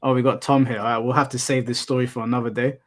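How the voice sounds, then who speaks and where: A young man hosts a live stream in a loose, rambling way, with an average pitch. He drifts from story to story with casual swearing along the way. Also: level tone, quick pace. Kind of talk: casual chat with viewers.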